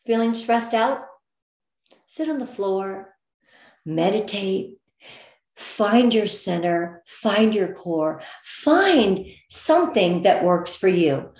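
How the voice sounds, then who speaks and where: A woman's voice: medium pitch, lively intonation, slow, a little mellow. A middle-aged woman giving upbeat, encouraging motivational business training to her sales team, now and then getting emotional. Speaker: direct sales team leader. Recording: echoey room.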